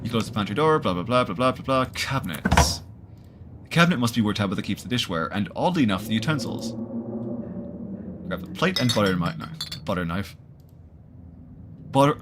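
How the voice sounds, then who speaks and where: A man's voice: fairly low pitch, animated, quick pace, background noise. A man streaming a horror visual novel, reading the narration aloud and adding jokey asides.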